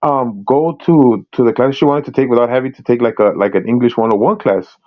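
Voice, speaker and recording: Halting man on muffled audio. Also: medium pitch. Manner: halting, lots of restarts and "like". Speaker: panel participant. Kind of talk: casual chat.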